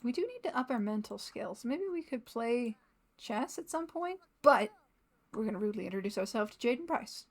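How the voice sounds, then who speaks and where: A woman's voice: fairly high pitch, lively intonation, normal speed. A young adult woman hosting a gaming channel, giving casual, rambling let's-play commentary and laughing often.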